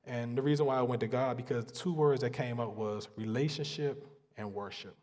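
A man preaching a sermon, earnest and emphatic, pausing and repeating phrases to drive points home. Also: medium pitch, darkish tone. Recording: long hall reverb.

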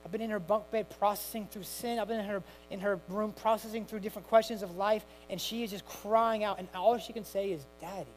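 A middle-aged man preaching a sermon with passion, moving from hushed tones to loud cries. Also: high voice, fairly even intonation, a little fast, few pauses, soft background music, low-quality recording. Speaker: pastor.

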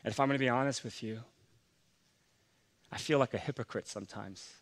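A man's voice: mid-range voice, fairly quick. A man preaching a sermon, a pastor who tells a heartfelt family story in an earnest, confessional way, with emotion that swells.

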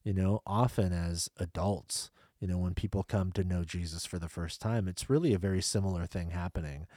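A man's voice: sits low, steady tone, fairly quick, dark tone, no room sound, clean studio sound. A middle-aged man and parent talking about faith in a casual conversation, reflective and earnest, often adding "you know". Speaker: parent and co-host discussing faith.

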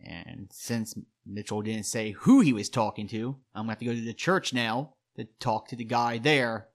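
A man's voice: medium pitch, normal speed. A man plays a tabletop role-playing game in a casual tone. His voice sits in the middle range, and he checks the rules with careful questions. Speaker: player.

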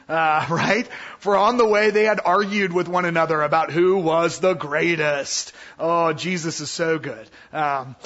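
A man giving Bible teaching in a casual, animated way, acting out the voices he quotes. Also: high voice, lo-fi sound.

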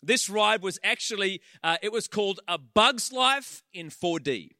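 Bright high-voiced male preacher telling stories. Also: no room sound, studio quality. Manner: animated storyteller, quick humorous asides to the crowd. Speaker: pastor. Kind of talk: sermon to a live audience. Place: large auditorium.

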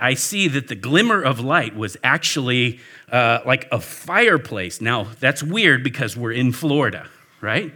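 A man, a pastor, telling a lively story to a church audience and talking back and forth with them. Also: on the high side. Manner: animated storyteller, talks with the audience. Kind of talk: storytelling sermon. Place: warm indoor church hall with an audience.

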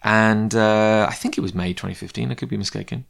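Very deep-voiced man rambling. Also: fairly quick, vocal fry, fairly bright tone. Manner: rambling, goes off on tangents. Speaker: comic book creator. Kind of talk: casual storytelling monologue.

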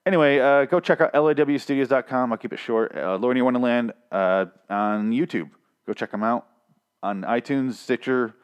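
A young man hosting a podcast, recapping a comic in casual, profane talk and acting out characters' lines in a raised voice. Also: fairly low pitch. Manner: profane, animated, acts out quotes in raised voice. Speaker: podcast host.

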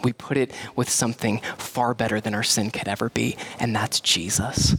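A man, preaching a sermon as pastor, animated and repeating key phrases for emphasis. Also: normal speed, slight background noise. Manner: animated, swings to high mimicking voices for quoted people.

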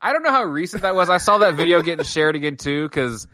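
A man co-hosting a wrestling podcast, chatting casually with a bright, forceful edge. He gets animated, laughs often, and trails off mid-thought. The sound is dry and close-miked. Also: on the high side, fast, dry recording. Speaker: podcast co-host. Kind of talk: casual wrestling review chat.

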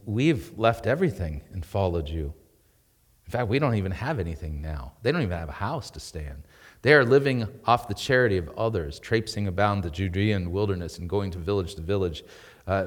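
Male pastor preaching emphatically, lower voice, long hall reverb. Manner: emphatic preaching with rising and falling intensity. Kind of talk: sermon. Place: church.

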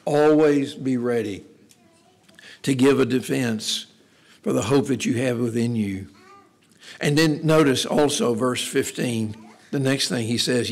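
A male pastor preaches with a low, gravelly rasp and a husky, slightly breathy tone. His delivery is earnest and conversational, and he leans on repeated phrases to drive each point home. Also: measured pace, long pauses, a little mellow. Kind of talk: sermon.

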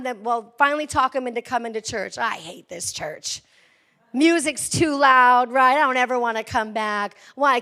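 A woman pastor in her forties preaching an energetic, conversational sermon with frequent call-outs to the congregation. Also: fairly high pitch.

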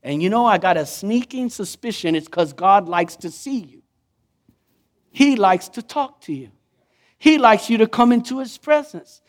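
A man preaching a sermon as pastor, in an animated, conversational way, acting out the voices he quotes. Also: sits high, normal speed.

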